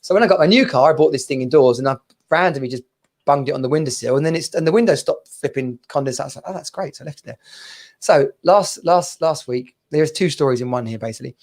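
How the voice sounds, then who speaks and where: Man, thirties, casual podcast co-host, slightly high voice, lively storytelling, laughs often. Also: fast. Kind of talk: casual chat.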